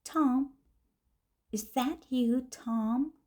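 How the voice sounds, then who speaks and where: A woman's voice: high voice, sing-song, very slow, gravelly, dark tone, voice pushed up, heavily acted. A woman voicing an upset man on the phone, a worried business partner who pleads urgently and sounds close to tears.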